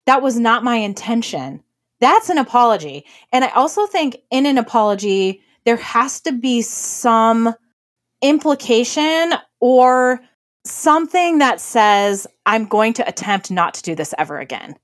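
A woman co-hosting a podcast, giving relationship advice in casual chat with an earnest, emphatic manner and quick laughs. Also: on the high side, animated. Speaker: podcast co-host.

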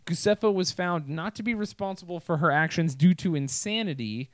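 A man's voice: on the high side, a little fast, no room sound. A young man hosting a podcast, telling a history story in a crude, swearing, joking way. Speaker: podcast host. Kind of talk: casual comedic storytelling.

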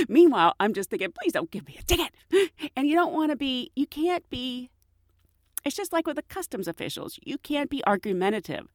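A woman hosts her own show with a personal storytelling monologue, chatty and self-mocking, often breaking into laughter. Her voice sits a little high and swoops around a lot. The sound is dry with no room echo. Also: sing-song, normal speed. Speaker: podcast host.

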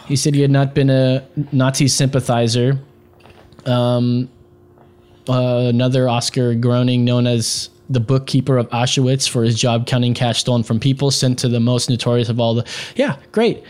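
A man's voice: mid-range voice, fairly even intonation, moderate pace, darkish tone. A man hosting a casual podcast who reads news stories aloud and riffs on them with sarcasm and profanity. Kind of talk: casual crude news commentary.

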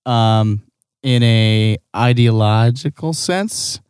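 A man's voice: medium pitch, slow, a little mellow, clear, resonant tone, no room sound, studio quality. A man talking casually in a podcast-style chat, hesitant and restarting his sentences as he gives his opinion.

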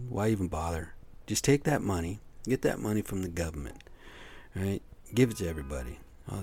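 A low-voiced man rants in a loose, profane monologue to his viewers. He sounds exasperated and swears constantly as he talks. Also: darkish tone. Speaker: vlogger. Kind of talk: casual ranting monologue.

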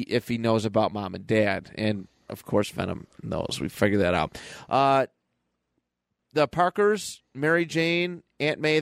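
A man's voice: mid-range voice, smooth, no echo. Man animatedly recapping a comic. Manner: animated storytelling, quick character voices. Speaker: podcast co-host. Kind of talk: casual chat, recapping a comic book.

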